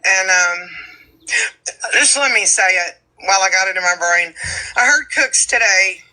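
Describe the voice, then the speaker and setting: A woman's voice: medium pitch, expressive, a little slow, pushed and bright, poor audio. A woman in a livestream monologue, blunt, profane and defiant as she speaks her mind.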